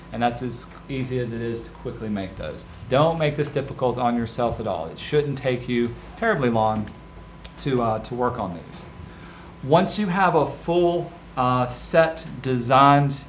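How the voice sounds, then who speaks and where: Male instructor, mid-range voice, relaxed practical tutorial delivery, slight background hiss. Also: mid-range voice. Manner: relaxed, practical, addresses students directly. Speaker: design instructor. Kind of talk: screen-recorded software tutorial.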